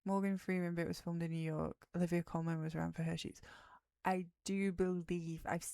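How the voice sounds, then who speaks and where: This streamer's voice is fairly low, creaky, and warm, delivered flatly at a fairly quick clip in studio-quality audio with no room sound. Tired and yawning, she wanders off topic while casually discussing a movie, occasionally slipping into a whisper.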